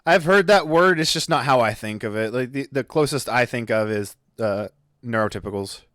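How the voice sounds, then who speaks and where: This podcast co-host is a man speaking at a moderate pace in a mid-range, fairly bright voice. His casual chat rambles, punctuated by self-corrections and stumbles. Dry recording, clean studio sound.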